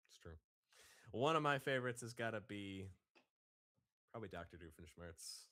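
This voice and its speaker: A man's voice: lowish voice, animated, normal speed, bright, forceful tone. A man as a guest on a casual live stream, laid-back and giving short replies. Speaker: guest impressionist.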